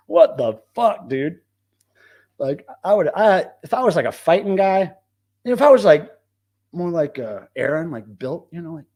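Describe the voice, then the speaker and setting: Excitable male host with a high, bouncy voice, ranting profanely while telling a story. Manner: animated, profane, excitable rant. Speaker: live show host. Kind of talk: casual storytelling on a live stream.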